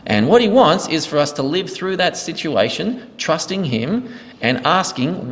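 Man, fairly high voice, earnest pastor answering questions, long hall reverb. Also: big pitch swings, unhurried, a bit bright. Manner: earnest, explanatory, thanks each asker. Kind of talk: Q&A teaching session.

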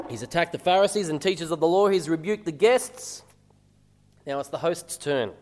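A male minister delivers a sermon in a relaxed, conversational way, often asking the congregation rhetorical questions. His voice sits a little high for a man. The sound carries the long reverb of a large church hall. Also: moderate pace.

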